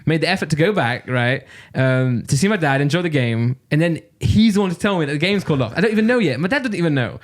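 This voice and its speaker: A man from Nottingham with a Midlands accent, co-hosting a casual podcast and telling an exasperated, animated story. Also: fairly high pitch, fast talker, few pauses. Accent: English Midlands. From Nottingham, England. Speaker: podcast co-host.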